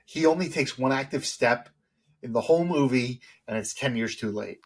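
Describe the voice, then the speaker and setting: A man's voice: mid-range voice, moderate pace, breathy edge. A man appearing as a guest on a podcast, talking casually and reflectively about a film, often with short agreeing replies.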